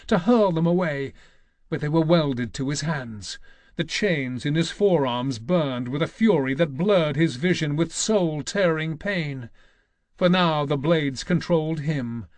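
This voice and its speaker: A man narrating an audiobook in a measured, dramatic reading style. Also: a little high, no echo. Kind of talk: scripted narration.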